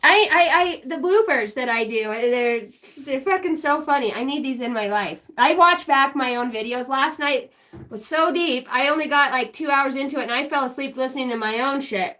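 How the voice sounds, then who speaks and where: A middle-aged woman chats on a live stream with a high, bright voice. She is goofy and self-mocking, laughs often and swears freely. She is offering spiritual readings in loose, rambling talk. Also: normal speed. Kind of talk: casual live-stream chat.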